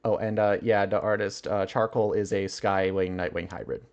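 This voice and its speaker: Casting: man with a lowish voice, relaxed livestream chatter, thinks out loud, frequent chuckles. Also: normal speed, gravelly. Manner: musing aloud, chuckling often. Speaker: livestreamer reading chat. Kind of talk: casual livestream chat.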